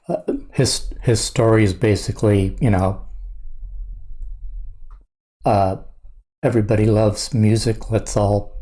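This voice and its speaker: Older man musing with a mellow voice. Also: medium pitch. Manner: hesitant, musing, many fillers. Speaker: music reaction host. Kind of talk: casual reaction commentary.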